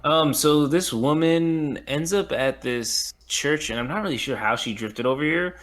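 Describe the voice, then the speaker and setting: A man's voice: a little high, measured pace, a bit bright. A man co-hosting a casual podcast, talking through a film in a laid-back, slangy way. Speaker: podcast co-host. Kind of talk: casual chat recapping a film.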